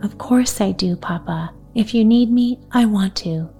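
A woman voicing a sweet, gentle little girl who speaks eagerly in a bedtime storybook. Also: mid-range voice, a little slow, creaky, slightly rough, faint music behind, exaggerated voice.

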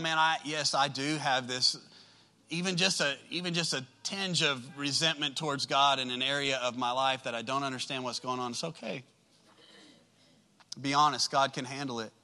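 A man preaching a sermon to a live congregation in a church. He talks to them directly and conversationally, swinging from loud emphatic outbursts to quiet soft asides. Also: mid-range voice. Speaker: pastor.

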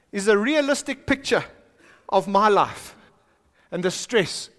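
South African male pastor with a high-pitched voice, dramatic delivery, recorded in a large reverberant church hall. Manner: dramatic, swings from hushed to shouting. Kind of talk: sermon. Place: church auditorium.

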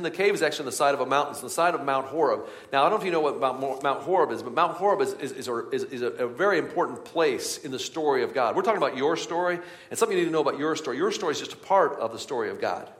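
A man preaching a sermon in a church, swinging from hushed tones to loud, urgent passages. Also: medium pitch, animated, very fast. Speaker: pastor. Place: church sanctuary. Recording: long hall reverb.

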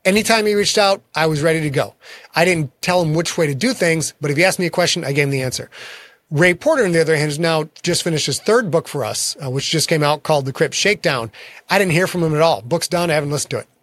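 A man's voice: on the high side, fast, fairly bright tone. A man, a guest author in a casual interview, telling frank and self-deprecating stories about his work.

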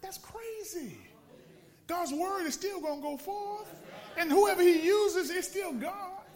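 A man's voice: very high-pitched, takes it slowly, a little mellow. A man preaching a sermon, a pastor from the Los Angeles area, telling a story with laughs and repeated phrases for emphasis.

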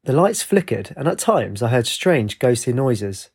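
A man's voice: mid-range voice, big pitch swings, measured pace, gravelly, darkish tone, husky, full character voice. A man voicing a skeptical, dry young man in a storybook.

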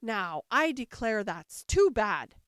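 Picture a haughty, easily offended egg of a man perched on his wall, as a woman reader puts him on, drawing out every word with lofty scorn. His voice rises and falls in big swoops of self-importance, and it sits dry and close with no room around it. It is a storybook voice, loud with pride. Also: on the high side, sing-song, no room sound. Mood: indignant. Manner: haughty, slow and emphatic, scornful. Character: pompous touchy male egg creature perched on a wall. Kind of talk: storybook reading.

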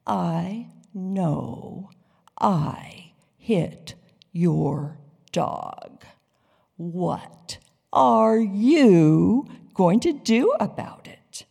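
A woman voicing a crude male truck driver who taunts in a slow, deliberate drawl. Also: on the low side, sing-song, gravelly, heavily acted. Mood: taunting. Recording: long hall reverb.

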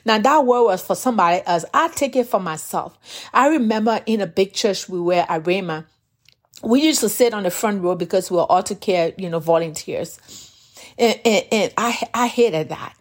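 A woman's voice: medium pitch, normal speed. A woman preaching, sharing a personal testimony in an earnest way and sometimes repeating words as she gathers her thoughts. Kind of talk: sermon testimony.

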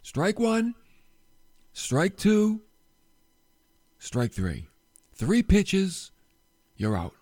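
A man preaching a sermon, retelling a Bible story with animated storytelling and rhetorical questions, going low and soft at solemn moments. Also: drawn-out words, long pauses, dry recording, studio quality. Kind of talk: sermon podcast.

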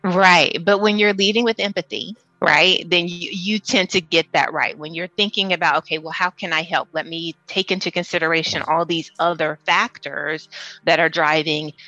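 A woman business leader talking in a casual interview, measured and reflective, explaining her points with examples. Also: lowish voice, steady tone, sharp tone, no room sound, highs cut off, soft background music.

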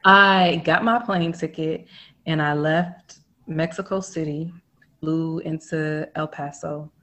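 A woman in casual chat, telling a long personal story with lively, cursing, raised-voice quotes of the people in it. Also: sits low, takes it slowly. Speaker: storyteller guest.

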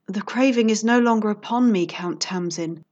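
A woman's voice: medium pitch, moderate pace, darkish tone, lo-fi sound, close to an everyday voice. A woman voicing a bold female private investigator with a smug, teasing and sultry manner.

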